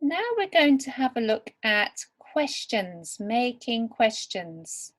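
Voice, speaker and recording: A woman teaching English to beginners over slides, speaking slowly and deliberately word by word. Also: fairly high pitch, expressive. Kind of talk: slow, clear lesson for beginner learners.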